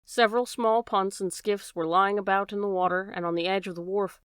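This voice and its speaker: Clear-voiced woman reading a mystery. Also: medium pitch, steady tone, fairly quick, no room sound, studio quality. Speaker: audiobook narrator. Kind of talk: scripted narration.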